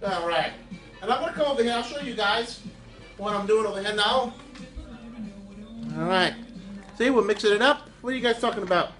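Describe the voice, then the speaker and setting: He rambles through a casual home cooking video, crude jokes aimed at viewers, in a high-pitched, somewhat bright voice that moves a little fast yet leaves long pauses. The camera records him from a distance in an echoey kitchen, faint music in the background.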